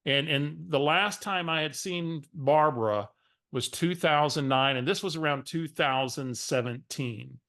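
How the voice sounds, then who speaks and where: A man coaching, telling a lively story and acting out a phone call. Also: a little high, measured pace. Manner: animated storyteller, acts out phone calls.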